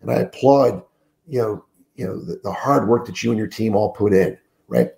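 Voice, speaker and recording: A man's voice: lowish voice, moderate pace, creaky, a little mellow. A middle-aged man, a sales trainer guest on a podcast, speaking emphatically with many fillers in a groggy, sick voice from a room on a remote call. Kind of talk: podcast interview, coaching talk.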